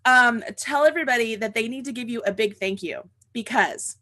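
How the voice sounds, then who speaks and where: High, bright-voiced gushing woman host. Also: a little fast. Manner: gushing, repeats herself. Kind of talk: casual livestream chat.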